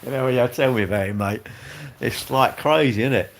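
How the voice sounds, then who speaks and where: Here the older English livestream host speaks at medium pitch and normal speed, with a creaky texture. Reading out comments from viewers, he banters back bluntly and cheekily, sprinkling in "mate" and "innit."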